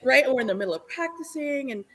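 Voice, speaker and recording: A woman guest in casual live-stream chat, animated and laughing often as she restarts her phrases. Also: high-pitched, fast, a crowd in the background. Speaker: guest artist.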